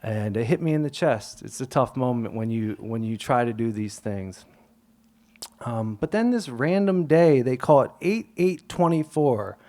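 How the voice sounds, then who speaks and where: A young man in early adulthood recounts something from his own life on stage, his medium-pitched voice moving a little slowly. He performs the quoted voices with animation and now and then sinks into whispers.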